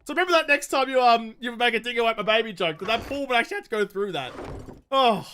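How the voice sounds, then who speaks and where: Young aussie guy streaming a game, bright sharp voice, chats and swears a lot, reads out chat. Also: extremely high pitch, expressive, fast, a little hiss or hum. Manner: chatty, swears freely, reads out chat questions and answers them. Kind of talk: casual live-stream chat while gaming.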